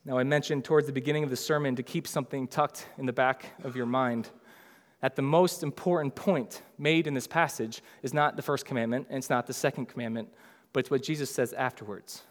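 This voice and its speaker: A pastor preaching a sermon in a casual, conversational way, acting out the lines of biblical figures in lively voices. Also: male voice, mid-range voice, fairly quick, big-room sound.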